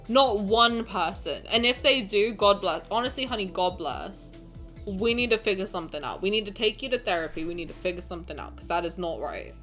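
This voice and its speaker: A woman's voice: medium pitch, very animated, a little fast, fairly bright tone, soft background music. A young woman streaming live, reading chat messages aloud and reacting with swearing and frequent laughter.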